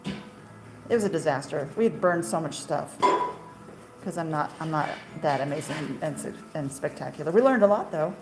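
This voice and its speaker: A woman's voice: low voice, moderate pace. A woman who runs a small marshmallow business, telling stories in a casual, rambling, self-deprecating way while cutting candy in her kitchen. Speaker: small-batch marshmallow maker and shop owner. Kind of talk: casual chatty storytelling while working. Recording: steady ambient background noise.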